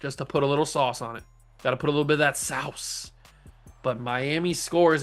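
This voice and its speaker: A young man hosting casual gameplay commentary, playful and cocky, breaking into excited play-by-play calls. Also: a little high, fairly quick, faint music behind. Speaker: gaming YouTuber, host.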